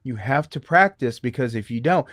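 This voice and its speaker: A man talking as a guest about working haunted attractions, telling stories with playful swings between high and low voices. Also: animated, moderate pace, a bit bright, no room sound, studio quality. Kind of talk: animated storytelling chat.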